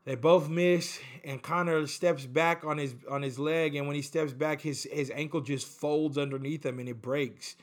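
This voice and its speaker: A man's voice: a little high, steady tone, moderate pace, hardly any pauses. A man hosting a casual sports recap, talking in a rambling, chatty way with frequent fillers and restarts. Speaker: sports podcast host.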